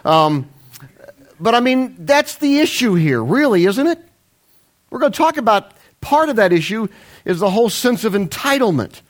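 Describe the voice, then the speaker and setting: Folksy pastor rambling through a sermon. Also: male voice, very animated. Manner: folksy, rambling, self-deprecating with quick pitch jumps.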